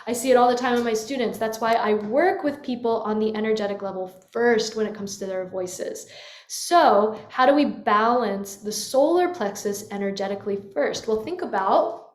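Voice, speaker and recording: A woman voice coach guides a vocal lesson on camera, her voice a little high. She stops often to show sighs and yawning sounds. The room around her rings with a clear echo. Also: moderate pace. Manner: demonstrative, swoops into yawns and sighs. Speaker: voice teacher. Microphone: webcam. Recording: echoey room.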